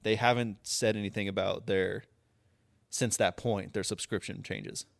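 A man's voice: lowish voice, fairly even intonation, measured pace, vocal fry, no room sound. A young man co-hosting a casual sports podcast, swearing freely, laughing often and breaking into incredulous rants. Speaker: podcast co-host.

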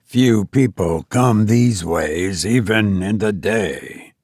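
A man voicing a mysterious masked male stranger in a forest, speaking old-fashioned courtly words in a low, hushed tone. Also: lively intonation, takes it slowly, breathy edge, no echo, studio quality, full character voice. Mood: sinister calm.

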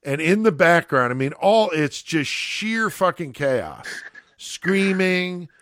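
A man casually telling a profane, animated story as a podcast host, checking in with "okay?" as he goes. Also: high voice, slow, dry recording, clean studio sound.

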